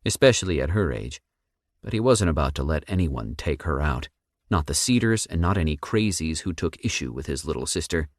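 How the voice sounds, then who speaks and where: Deep-voiced male audiobook narrator. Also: dry recording, studio quality. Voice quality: even, measured reading. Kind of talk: scripted narration.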